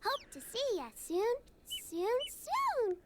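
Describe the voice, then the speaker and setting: A woman's voice: very high voice, huge pitch swings, slow, heavy background noise, voice pushed up, heavily acted. A woman voicing a cheery, bossy, ruthless little girl in a video game, in a sing-song, chirpy way.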